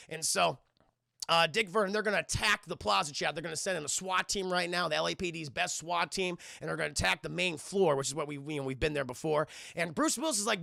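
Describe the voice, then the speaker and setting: A man gives a profane, animated movie recap to his live chat. His voice sits high and sounds strongly gravelly and bright. The recording is dry and close. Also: quick pace, dry recording. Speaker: streamer and film reviewer.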